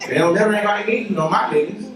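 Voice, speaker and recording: Loud crude comedian, echoey club. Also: male voice, fast talker. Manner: crude, animated storytelling with high-pitched quoted voices. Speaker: stand-up comedian. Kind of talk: stand-up comedy. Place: comedy venue with audience. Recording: far-off roomy live crowd recording.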